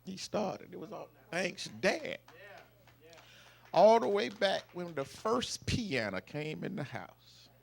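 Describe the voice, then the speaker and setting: Middle-aged man, slightly high, gravelly voice, emotional family tribute speech with folksy outbursts. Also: sing-song, a little slow, hardly any pauses. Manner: emotional storytelling with folksy loud bursts. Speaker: eldest son giving a birthday tribute. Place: live family celebration event.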